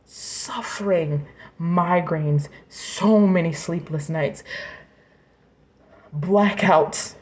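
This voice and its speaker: A woman's voice: fairly low pitch, moderate pace, a little mellow. A woman in her twenties venting in an emotional personal rant, angry, raw and profane, sometimes dropping to a whisper. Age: 20s. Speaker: vlogger.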